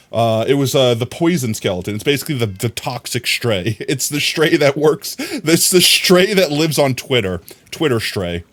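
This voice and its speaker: A man's voice: mid-range voice, husky. A man streaming a video game, rambling to himself and his chat with frequent laughter. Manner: rambling, self-talking, laughs often; chatting to viewers. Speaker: livestreamer. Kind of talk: casual gameplay commentary.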